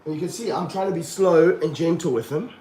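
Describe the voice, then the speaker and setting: A man with a fairly high voice talks through a live stream while handling a snake, swinging from excited bursts to low muttering. He sounds far from the mic in a roomy indoor space with a faint hum behind. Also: fairly quick. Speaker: snake keeper. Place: room of snake enclosures, indoors.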